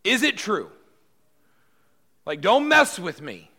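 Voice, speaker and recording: A furious ancient king, voiced high and loud with a sharp, bright tone, fed up and demanding answers, as a preaching man puts him on. His words pile on in an exasperated rush. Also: sing-song, slow pace, heavily acted. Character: impatient, angry male ancient king.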